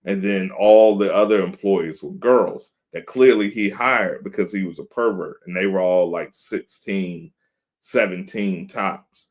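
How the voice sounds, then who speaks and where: A man hosting a podcast, telling a story in a casual, animated way and acting out the other people's voices. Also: deep voice, measured pace. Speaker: podcast host.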